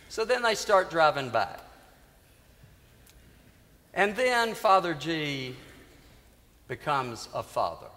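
A man priest preaching a sermon in a church, telling a story earnestly with dramatic pauses. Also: on the high side, big pitch swings, pushed and bright. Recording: reverberant church hall.

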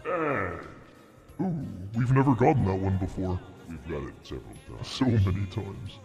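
A man's voice: big pitch swings, normal speed, darkish tone. A man streaming a game in casual commentary, playfully reading item names aloud. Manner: playful, reads item names aloud with big pitch swings. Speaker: gaming streamer. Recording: reverberant with game music behind.

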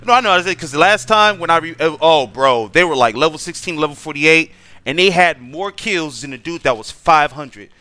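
Gaming streamer, young man, slightly high, bright tone, profane exasperated rant. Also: animated, moderate pace. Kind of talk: casual gameplay commentary.

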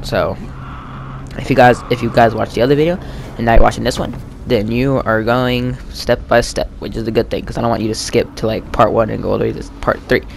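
Chatty gravelly-voiced man gaming. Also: medium pitch, brisk, a little hiss or hum. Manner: chatty, rambling, with frequent fillers and sudden excited yelps. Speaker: gamer playing co-op with a friend. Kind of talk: casual let's-play commentary.

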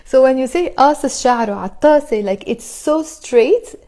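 A Lebanese woman teaching a live online lesson, chatty and repeating each phrase slowly for learners. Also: high voice, animated, dark tone. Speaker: Arabic teacher.

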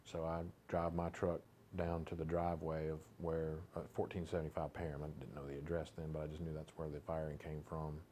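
A sheriff speaks in a very low, level voice with little rise and fall. He recalls events slowly and reflectively, pausing with fillers. The setting is a documentary interview. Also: monotone, warm tone, slight background noise.

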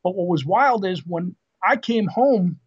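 A man in his fifties, a podcast guest, telling family stories in a lively, casual way and acting out the dialogue. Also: high-pitched, measured pace, breathy edge. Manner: lively storyteller who acts out quoted dialogue. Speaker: podcast guest, retired Marine officer. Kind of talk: casual storytelling interview. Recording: dull lo-fi sound.

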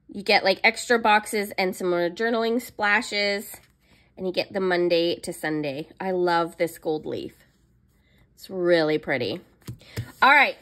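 A woman's voice: medium pitch, fairly bright tone. A young woman chatting casually in a haul vlog, gushing and squealing over cute planner stickers. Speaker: planner vlogger.

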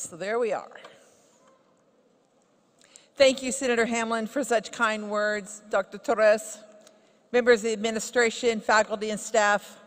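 A woman's voice: medium pitch, a bit bright. A woman from Oklahoma giving a heartfelt commencement speech from a written text at a podium, with light humorous asides. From Oklahoma, USA. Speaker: honorary degree recipient giving a commencement speech. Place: large ceremony hall. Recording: reverberant ceremony hall.

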